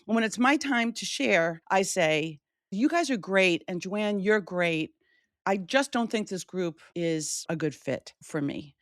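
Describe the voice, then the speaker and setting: A woman hosting a podcast, telling a personal story in an animated way and acting out quoted voices. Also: a little slow, dry recording, clean studio sound. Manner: animated, shifting pitch widely for quoted voices. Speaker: podcast host.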